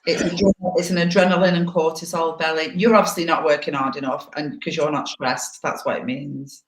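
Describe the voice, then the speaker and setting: A woman's voice: low voice, fairly even intonation, brisk. A woman in her forties co-hosting a casual live chat over a video call, candid and teasing. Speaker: co-host. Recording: echoey room on a video call.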